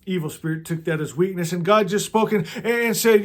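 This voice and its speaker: Speaking slowly in a voice that sits high, this man guides listeners through prayer and spiritual teaching. He's meditative, repeats words often and softly trails off.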